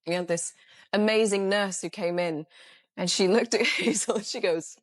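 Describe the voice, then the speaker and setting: A woman as an interview guest, telling lively anecdotes and mimicking the people in them. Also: mid-range voice, normal speed. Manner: animated, mimics people in stories. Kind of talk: anecdotal storytelling.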